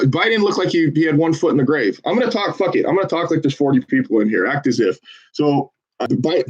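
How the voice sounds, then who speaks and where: Profane rambling man on a lo-fi stream. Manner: rambling, profane, salesman's upbeat phone pitch. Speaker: volunteer phone banker for a campaign. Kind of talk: casual livestream chat with live phone calls.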